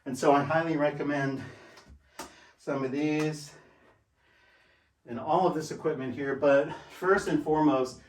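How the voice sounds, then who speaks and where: A man's voice: a little high, steady tone, a little slow, pauses often, far from the mic, slight background noise. A man in his sixties talking casually in a home vlog, a little out of breath, emphatic and repeating his points as he demonstrates. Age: 60s. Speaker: fitness vlogger. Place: room at home. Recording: roomy, from away from the mic.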